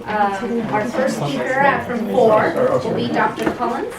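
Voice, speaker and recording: A woman's voice: fairly high pitch, measured pace. Woman announcing over crowd chatter. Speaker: event moderator. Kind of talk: introducing speakers. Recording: distant mic, echoey room, crowd chatter.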